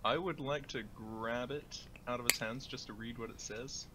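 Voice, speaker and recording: A tabletop player talking in a lively, playful way during the game. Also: medium pitch, moderate pace. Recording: noisy voice-chat mic.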